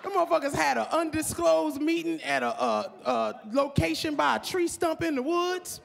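A woman doing stand-up comedy on a club stage, loud and profane, shouting her punchlines at the audience. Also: high voice, normal speed, vocal fry, in a large hall, a little hiss or hum. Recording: live club, audience laughter.

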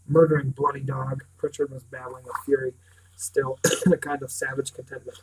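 A man's voice: mid-range voice, monotone, a little fast, a little mellow, low-quality recording. A man reading a novel aloud as narrator, now and then stumbling and restarting words. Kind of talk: audiobook reading.

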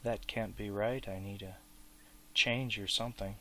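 A man reading an audiobook aloud, voicing a fussy, possessive elderly male hobbit in a higher, excitable voice that turns sharp and whispery. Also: measured pace, slight background noise. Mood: wistful.

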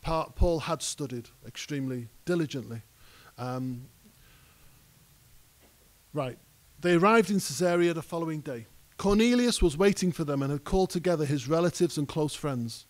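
A man's voice: fairly high pitch, moderate pace. A male pastor preaching a conversational sermon that rises to emphatic peaks. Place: church hall.

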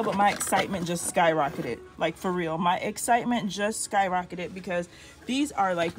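A woman filming a shopping vlog inside a large store on a handheld phone, gushing and exclaiming over bargains. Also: on the high side. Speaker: couponing vlogger.

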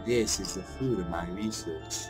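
A man voicing a cold, calculating doctor father in a horror game, with a calm, theatrical formal delivery. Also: sits low, a little slow, loud music behind the voice. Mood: sinister.

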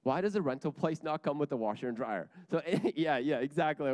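A man's voice: on the high side, fast talker, hardly any pauses, darkish tone, no room sound. Earnest young man preaching. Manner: earnest, repeats key lines for emphasis. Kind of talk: sermon.

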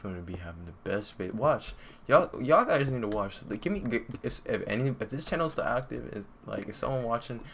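Excitable slangy young gamer guy. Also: mid-range voice, brisk, creaky. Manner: excitable, slangy, talks to himself and viewers. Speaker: gaming YouTuber. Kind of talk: casual gameplay commentary. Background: computer fan noise and keyboard clicks.

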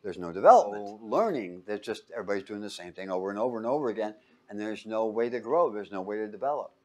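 Animated man quizzing a classroom. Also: lowish voice, fast. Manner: quizzes the class with fill-in-the-blank questions; animated, acts out quotes in voices. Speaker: teacher. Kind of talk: classroom lecture.

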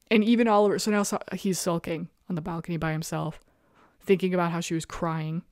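Animated young woman recapping, dry sound. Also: on the low side, fairly quick, no echo. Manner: animated, exasperated, laughs often. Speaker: show host. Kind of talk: casual recap chat.

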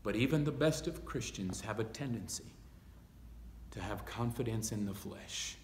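A man preaching a Bible study sermon, reading scripture aloud slowly and with emphasis. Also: on the low side, lively intonation, echoey room, long reverb tail, a little hiss or hum. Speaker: pastor. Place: church sanctuary.

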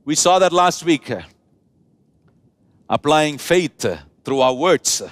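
High-voiced preacher, slow and emphatic. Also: male voice, animated, no room sound. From India. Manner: preaching with drawn-out emphasis and call-and-response. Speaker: pastor. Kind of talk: sermon. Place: church.

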